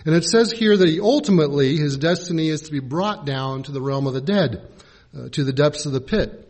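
A man preaching a sermon in a measured, teaching way, pausing to spell out original-language words. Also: a little high, animated, a little mellow. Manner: measured, spells out Greek and Hebrew words letter by letter.

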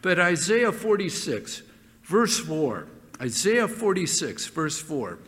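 A high, lively male voice preaching a sermon in a church hall, repeating phrases and leaning hard on key words. He speaks slowly, and the sound rings with a long hall reverb.

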